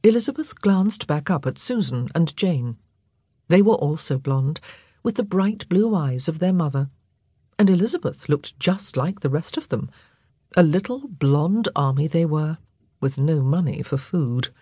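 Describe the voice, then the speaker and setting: A woman narrator reading a novel in a measured, storytelling voice. Her tone is low and mellow with a husky grain, recorded close in a dry booth. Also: expressive, no room sound. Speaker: audiobook narrator. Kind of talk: scripted narration.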